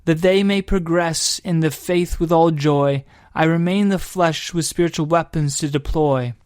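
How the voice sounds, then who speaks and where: A man putting on a British accent to recite a devotional poem in a slow, measured way. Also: on the high side, darkish tone, clean tone, no room sound, clean studio sound, lightly acted. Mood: solemn. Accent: put-on British.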